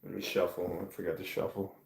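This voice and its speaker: A man hosting a casual livestream, answering chat in a rambling, soft-spoken way that trails off. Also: low voice, flat delivery, a little fast, gravelly, reverberant, a little hiss or hum. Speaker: livestream host. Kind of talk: casual live-stream chat, reading chat questions.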